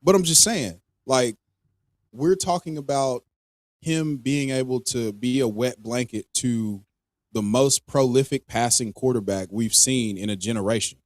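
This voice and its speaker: A man co-hosting a live stream in casual chat, he rants with animated energy and swears freely. His voice sits at an ordinary middle pitch, and the sound is dry and close with no room echo. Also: measured pace. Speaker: podcast co-host. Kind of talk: casual fantasy football chat.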